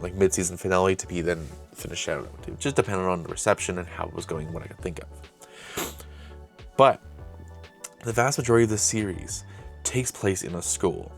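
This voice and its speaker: A man's voice: low voice, brisk, soft background music. A young man hosting his own channel, casually recounting an old project in a rambling, self-correcting way. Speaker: host. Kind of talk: casual retrospective chat.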